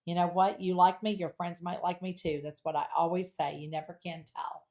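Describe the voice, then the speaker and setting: A woman's voice: lowish voice, a little fast. Chatty, playful woman hosting a live jewelry sale. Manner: chatty, playful and animated, reading viewer comments aloud. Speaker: home shopping host. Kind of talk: live jewelry sales pitch.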